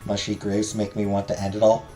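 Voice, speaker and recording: A man's voice: lowish voice, monotone, brisk, dark tone. A man, a let's play host, making sarcastic, joking asides in casual commentary. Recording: echoey room, faint music.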